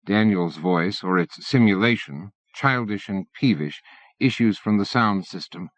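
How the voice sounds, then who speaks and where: A man reading an audiobook in measured scripted narration. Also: on the low side, no echo. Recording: dull dry lo-fi cassette.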